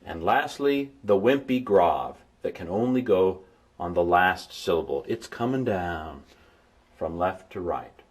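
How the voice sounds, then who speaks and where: A man with a fairly low voice gives an informal recorded lesson. He explains in a folksy way, repeats examples and sounds out syllables slowly, with playful asides along the way. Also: lively intonation. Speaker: Greek tutor.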